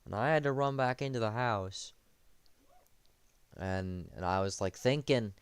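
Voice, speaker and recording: A man's voice: fairly low pitch, a little slow, pauses often, clear, resonant tone, dry recording. A young man streaming early in the morning, tired with a morning voice, rambling and correcting himself as he tells a story. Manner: rambling, self-correcting, sleepy.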